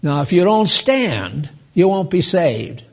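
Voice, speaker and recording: Slow husky man in his nineties. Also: high voice, very animated. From United States. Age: 90s. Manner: slow, chatty, asides to listeners. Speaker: Bible teacher. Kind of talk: informal Bible teaching.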